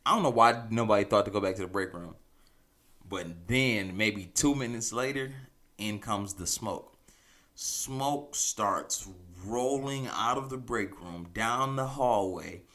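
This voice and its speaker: A man's voice: medium pitch, slow. A man hosting a podcast, telling a story casually and animatedly, often chuckling as he goes. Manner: animated, chuckling, loose conversational delivery. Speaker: podcast host.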